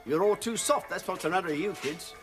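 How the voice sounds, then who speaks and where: Older grandfather, grumbling, animated, slightly high voice, soft music behind. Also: normal speed. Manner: grumbling and lecturing. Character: gruff older grandfather, fussing.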